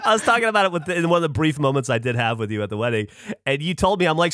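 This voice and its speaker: A man talking on a podcast in an animated, story-telling way. His pitch swings widely as he speaks, and he swears often. The sound is dry and close on a studio mic. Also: rapid-fire, no echo. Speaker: podcast co-host. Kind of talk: casual podcast chat.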